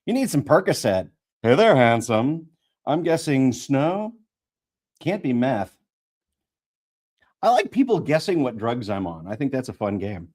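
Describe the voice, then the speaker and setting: Slow-reading man in his fifties. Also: mid-range voice, sing-song, darkish tone. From American Midwest. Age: 50s. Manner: slow, retakes lines, chatty and amused with the viewers' comments. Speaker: audiobook narrator and livestream host. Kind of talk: live audiobook reading and chat.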